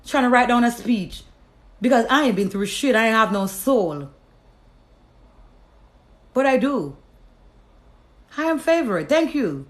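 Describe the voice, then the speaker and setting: A high-voiced woman tells her testimony in a loose, blunt monologue, swearing freely. Her pitch swings widely as she stresses words. She drops lower when she acts out what she said to God. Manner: emphatic and profane, acts out conversations with God in lower tones. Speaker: storyteller sharing her testimony. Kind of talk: casual monologue to an audience.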